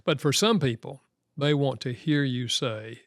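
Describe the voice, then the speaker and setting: A man's voice: mid-range voice, unhurried, no room sound, studio quality. A man who works as a marriage counselor and author, telling stories in an interview and acting out quoted dialogue. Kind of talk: interview storytelling.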